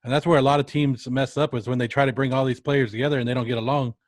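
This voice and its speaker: A man's voice: medium pitch, fairly even intonation, no room sound. Chatty sports host, man, dry sound. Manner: chatty, teasing, quick questions. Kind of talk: casual sports talk.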